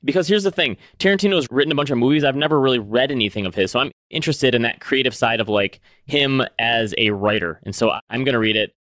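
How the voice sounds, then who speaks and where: A man co-hosting a podcast in casual chat, relaxed and chatty with lots of fillers. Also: medium pitch, fast, few pauses, no echo, studio quality. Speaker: podcast co-host.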